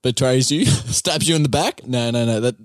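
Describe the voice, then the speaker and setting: A man's voice: mid-range voice, moderate pace, no echo, studio quality. Chatty young man hosting a game. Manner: playful, laughs often, game-show patter. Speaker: podcast co-host. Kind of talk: casual podcast chat.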